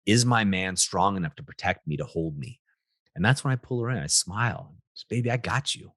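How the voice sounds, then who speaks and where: Husky, animated male motivational host. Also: deep voice, brisk, no echo, clean studio sound. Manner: animated, emphatic, repeats "right?" and "guys". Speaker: podcast host, relationship coach. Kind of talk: motivational monologue.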